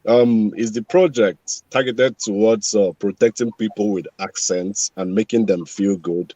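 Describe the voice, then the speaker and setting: A man asking a question on a TV talk show, halting and full of fillers. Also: lowish voice, steady tone, mellow, no room sound, poor audio. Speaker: caller or panelist asking a question.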